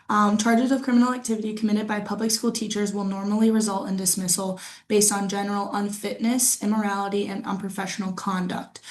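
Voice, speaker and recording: A woman's voice: mid-range voice, a little mellow. Woman reading a class presentation. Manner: reads from notes with frequent "um" and restarts. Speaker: student presenter.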